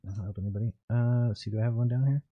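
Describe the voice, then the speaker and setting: A man's voice: medium pitch, fairly even intonation, very fast, no room sound, narrow, tinny audio. A man hosting a live stream, casually reading viewer questions aloud and answering them in a rambling, offhand way.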